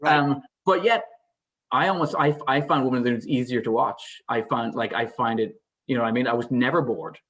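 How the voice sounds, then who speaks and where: A man's voice: medium pitch, brisk, fairly bright tone. A man with an Irish Canadian accent, guest co-hosting a podcast, rambling and joking playfully. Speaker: guest co-host. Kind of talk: casual chat about films.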